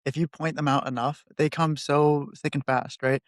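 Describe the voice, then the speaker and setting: A man hosting a podcast, explaining coaching ideas in a relaxed, storytelling way. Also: a little high, normal speed, no room sound, clean studio sound. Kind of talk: casual podcast conversation.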